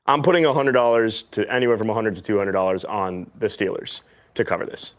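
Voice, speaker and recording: A man's voice: lowish voice, steady tone, fast talker. A man co-hosting a betting stream, blunt and casual, swearing freely. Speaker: co-host.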